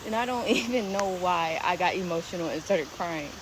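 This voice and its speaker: Low-voiced woman rambling on a trail. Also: animated, normal speed. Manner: rambling, chatty, with lots of fillers and laughs. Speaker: vlogger. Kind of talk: casual vlog chat while hiking. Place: outdoor nature trail near a pond. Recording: outdoor ambience with clear background noise.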